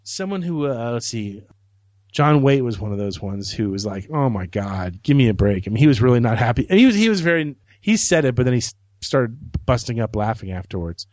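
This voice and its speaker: A man's voice: medium pitch, very animated, fairly quick, darkish tone, no echo. A man hosting a podcast, telling a long anecdote in a rambling way with many restarts. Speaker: podcast host. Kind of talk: casual chat, anecdote.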